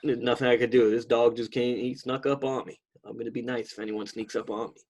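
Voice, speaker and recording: Husky New man chatting casually. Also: mid-range voice, level tone, fairly quick, a little mellow. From New York. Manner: laid-back, rambling, swears freely. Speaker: podcast co-host. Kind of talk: casual chat.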